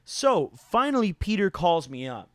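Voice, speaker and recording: Young man, somewhat high voice, dry close sound, rambling slangy storytelling, casual vlog. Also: sing-song, a little slow, a bit bright, no room sound. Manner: rambling, slangy, lots of "like" and "dude", swearing freely. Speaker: YouTuber.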